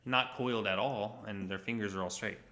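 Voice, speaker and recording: A man's voice: lowish voice, fairly even intonation, a little fast, bright, forceful tone. A man co-hosting a live stream in casual chat, easygoing and joking.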